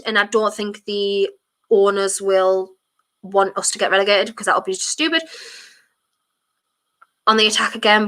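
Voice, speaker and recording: A woman streaming a football watchalong, chatting her opinions and breaking into shouts at fouls. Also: mid-range voice. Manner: passionate, blunt, chatty opinions. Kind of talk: live match commentary and fan chat.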